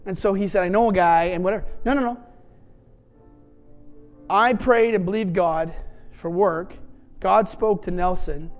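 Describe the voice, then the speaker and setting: A man's voice: sits high, unhurried, long pauses, faint music behind. A man preaching, telling a personal story and acting out the voices of the people in it. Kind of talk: sermon storytelling.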